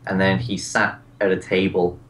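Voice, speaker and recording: A man's voice: low voice, level tone, normal speed, fairly bright tone, a little hiss or hum. A man narrating a tabletop game as game master, rambling through descriptions with many fillers.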